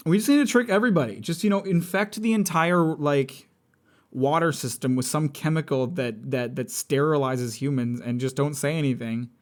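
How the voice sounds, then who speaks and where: A man's voice: a little high, moderate pace. A young man chatting casually on a live stream, rambling, blunt and profane with a sardonic edge. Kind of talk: casual live-stream chat while building a model kit.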